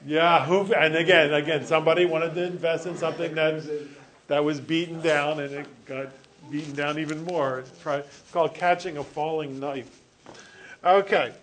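Guy teacher lecturing a class, kinda high voice, cracks jokes, rambles and restarts a lot. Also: slight background noise. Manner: joking, rambling, self-correcting.

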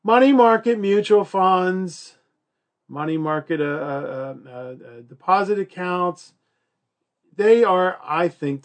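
A male college instructor giving a recorded lecture in a chatty, joking way, with many fillers and acted-out quotes. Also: high voice.

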